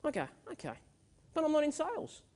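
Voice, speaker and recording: A man delivers a motivational keynote from a live stage. His voice sits very high and swings widely in pitch. He tells stories with punch and energy, leaning hard on key words. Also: fairly quick. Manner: energetic, emphatic storyteller. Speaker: keynote speaker.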